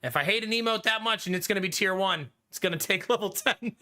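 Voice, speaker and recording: He talks quickly in a high-pitched, sharp-toned voice. Live-streaming from Ohio, USA, the man banters casually with his audience and laughs often, using a good studio condenser mic.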